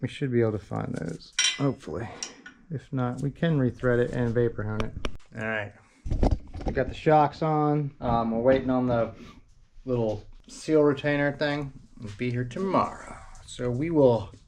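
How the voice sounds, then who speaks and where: A male mechanic talks through a repair in an easygoing, joking way, tossing off silly rhymes as he works. His voice sits at an ordinary middle pitch. Tool clicks and workshop noise come through clearly behind him. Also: moderate pace. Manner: playful, rhyming wordplay and banter with his dog. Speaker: mechanic working on a car. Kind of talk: casual workshop vlog. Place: auto repair shop.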